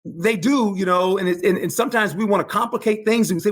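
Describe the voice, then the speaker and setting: An older man, a former football coach, telling stories as a guest in an interview, animated and emphatic, often repeating phrases. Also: high-pitched, quick pace. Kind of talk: storytelling interview.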